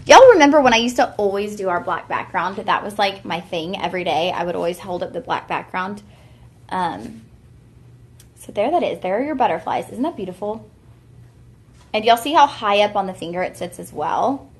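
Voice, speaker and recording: A woman's voice: medium pitch, animated, normal speed, reverberant. A young woman hosting a live jewelry sales stream, chatty and gushing. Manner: gushing, chatty, says y'all a lot. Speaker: shopping channel jewelry host.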